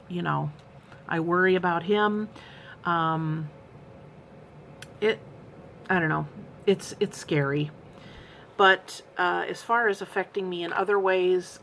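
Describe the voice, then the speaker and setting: A woman in her fifties from the United States talks candidly in a personal vlog, earnest and rambling with many fillers and restarts. Her voice is on the low side and a bit bright, with a little hiss or hum.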